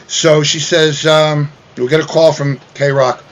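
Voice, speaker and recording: A man telling a long story in casual chat, animated, mimicking other people with loud raised voices. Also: a little high, takes it slowly. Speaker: guest musician.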